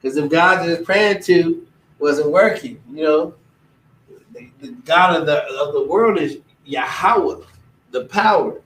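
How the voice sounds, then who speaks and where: A man giving a casual religious teaching, animated and often mimicking other people's voices. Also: a little high, measured pace. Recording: echoey room, distant mic.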